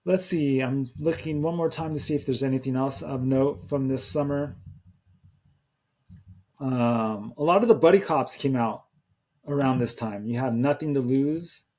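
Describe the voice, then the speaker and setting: A man's voice: medium pitch, a little slow, darkish tone. A man in his thirties hosting a podcast, chatting casually in a rambling way, often restarting his sentences. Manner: rambling, conversational, with many restarts. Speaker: podcast host. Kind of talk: casual solo podcast talk.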